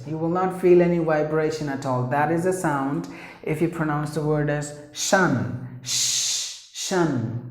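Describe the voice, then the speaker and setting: A man's voice: a little high, darkish tone, echoey room. A man teaching pronunciation, repeating each word several times to drill it. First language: Tamil. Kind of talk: pronunciation lesson.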